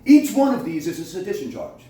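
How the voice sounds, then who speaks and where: A man's voice: high voice, big pitch swings, a little fast, warm tone. A man delivering a heated, profane, accusatory monologue to camera, recorded on a phone. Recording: very echoey room, voice far from mic, faint noise.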